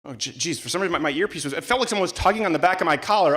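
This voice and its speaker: A brash, sarcastic man hosts a live comedy talk show, his voice high and bright. His pitch swings widely as he riffs. He keeps slipping into mocking put-on voices. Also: animated, very fast. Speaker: host. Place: live show before a campus audience.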